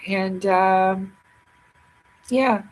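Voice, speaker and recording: Slow-talking tired woman livestreamer. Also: medium pitch, fairly even intonation, rough recording. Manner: playful, rambling, chatty with viewers. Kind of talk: casual livestream chat.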